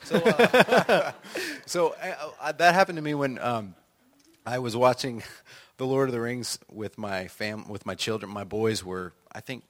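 A middle-aged American man, an author and songwriter, tells stories in conversation with a mid-range, unhurried voice. He is animated, acting out quotes and laughing often.

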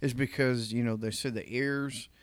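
A man co-hosting a casual podcast, trading easygoing banter, quick to laugh and to curse. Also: mid-range voice, steady tone, clear, resonant tone, no room sound. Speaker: podcast co-host. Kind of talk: casual chat.

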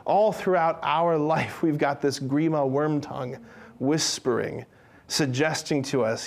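A young man giving an animated religious teaching talk to a live group, acting out quotes and joking with listeners. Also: on the high side, measured pace, vocal fry. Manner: animated, acts out quotes, jokes with audience. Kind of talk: lively Catholic teaching talk.

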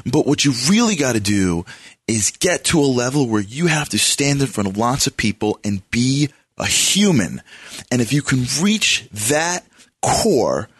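A man hosting a conversational interview. He thinks aloud and tells stories, and his pitch swings widely up and down. His voice is mid-pitched and recorded dry. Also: measured pace, husky, no room sound. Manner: animated and searching, tells anecdotes. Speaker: host.

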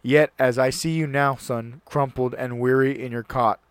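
A man's voice: medium pitch, fairly even intonation, moderate pace, smooth, no room sound. Man reading aloud, close and dry. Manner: reads aloud earnestly, stumbles and restarts on words. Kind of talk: casual solo talk with read-aloud passage.

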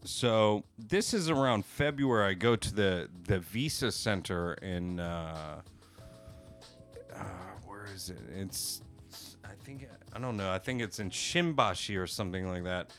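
A man's voice: lowish voice, measured pace, a bit bright, soft background music. A man telling a long story in casual podcast chat, rambling with many fillers and casual swearing. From United States. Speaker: podcast co-host.

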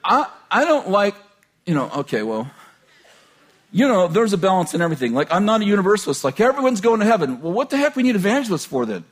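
High-voiced joking preacher man. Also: quick pace. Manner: chuckles often, joking and conversational; animated, shifts between loud bursts and low asides. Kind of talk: informal sermon.

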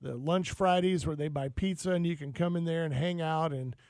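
High-voiced man reminiscing casually. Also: normal speed, darkish tone, no echo. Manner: rambling with many fillers.

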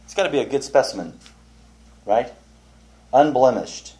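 A man teaching a small Bible study group, chatty and animated, asking questions and telling funny stories. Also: mid-range voice, moderate pace. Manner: tells funny anecdotes with restarts. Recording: roomy, distant mic, faint noise.

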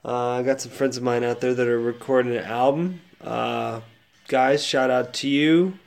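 Gravelly laid-back man hosting. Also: medium pitch, fairly even intonation, normal speed. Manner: rambling, laid-back with many fillers and restarts. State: sad, subdued. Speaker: podcast host. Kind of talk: casual solo monologue.

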